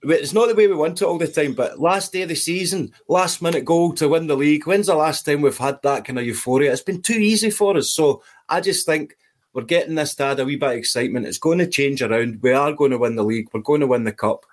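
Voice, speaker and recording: A man's voice: fairly high pitch, fast. Male panelist, playful and jokey, casual football banter. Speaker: podcast panelist.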